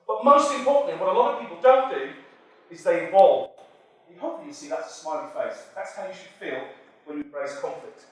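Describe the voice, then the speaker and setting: A British man giving an energetic, jokey keynote talk on stage, chatting with the audience. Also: sits high, distant mic. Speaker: conference keynote speaker. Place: large conference hall. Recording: echoey hall, speaker off-mic.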